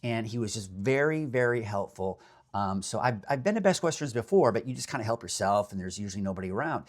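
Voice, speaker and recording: A man's voice: on the low side, animated, fast. A man working as a meteorologist, giving a casual morning weather chat from a hotel room, rambling and chatty with fillers.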